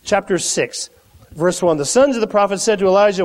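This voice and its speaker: Male preacher, high and animated, talks conversationally and builds to loud peaks, echoey hall. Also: brisk. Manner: animated, conversational, dramatic swings in volume. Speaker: pastor. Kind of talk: sermon.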